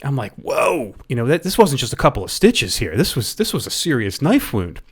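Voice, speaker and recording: A man's voice: mid-range voice, wildly swooping pitch, a little fast, husky. A man reviewing a movie in a casual rant, rambling and often stumbling over and repeating his words.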